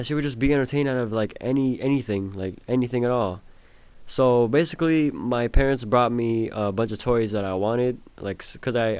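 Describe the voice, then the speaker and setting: A young man telling a childhood story in a rambling, casual way, swearing a lot and filling pauses with um and like. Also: on the low side, a little mellow, dry recording. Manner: rambling, profane, full of fillers and laughs.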